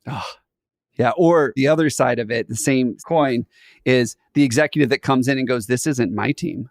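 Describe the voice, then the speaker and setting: A man talking as a podcast guest about hiring, animated and acting out little scenes. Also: medium pitch, normal speed, no echo, clean studio sound. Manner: animated, playfully acts out scenes. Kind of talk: conversational podcast interview.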